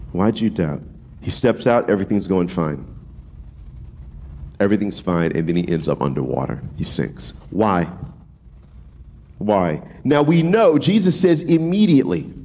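A man preaching a casual sermon, animated and slangy, acting out voices as he goes. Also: mid-range voice, slightly rough. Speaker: pastor.

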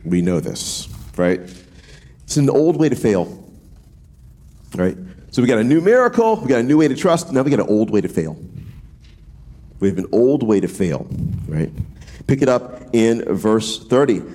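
A man preaching a casual sermon, animated and slangy, acting out voices as he goes. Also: medium pitch, moderate pace, pauses often. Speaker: pastor.

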